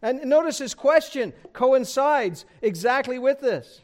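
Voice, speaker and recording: A man preaching an expository sermon, addressing the congregation directly and rising in pitch and volume for emphasis. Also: lively intonation, unhurried, hardly any pauses. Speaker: pastor.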